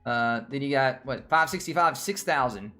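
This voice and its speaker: On a laid-back stock livestream, the host talks to his audience in a Southern US accent, wandering off track and repeating himself. His voice is mid-range, pushed and bright, at normal speed over soft background music.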